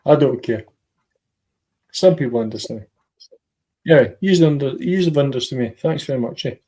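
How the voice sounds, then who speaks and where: A man's voice: mid-range voice, normal speed. Chatty scottish man on a stream call. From Scotland. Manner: animated, repeats himself, chatty with the viewers. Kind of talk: casual live-stream chat.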